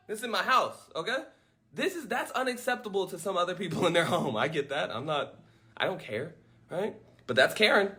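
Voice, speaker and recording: Speaking fairly quickly in a high voice, a livestream host talks into a phone from home on a casual stream. He is animated and emphatic, swearing freely.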